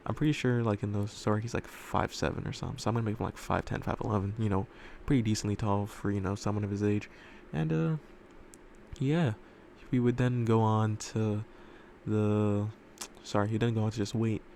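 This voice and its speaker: A man's voice: on the low side, fairly even intonation, fairly quick, creaky, a little mellow, slight background noise. A man telling a fan story casually, rambling with lots of fillers and loose swearing, recorded in a room at home.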